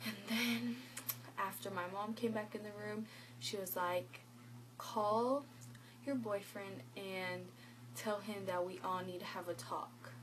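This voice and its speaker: A woman's voice: mid-range voice, slow pace, slight background noise, rough recording. A teenage girl telling her own story as a vlogger, retelling conversations with lots of "like" and quoted lines. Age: teens. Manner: animated retelling with quoted dialogue, filler "like". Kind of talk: personal storytelling.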